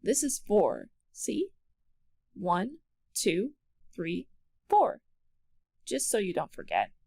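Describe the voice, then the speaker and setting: A woman doing a tired male owl who teaches the forest children. He speaks gently, as if half asleep, and the gravelly texture and swooping pitch of the storybook reading stay in his voice. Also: huge pitch swings, slow pace, heavily acted. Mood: gentle. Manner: sleepy, yawning, gentle. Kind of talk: children's storybook read-aloud.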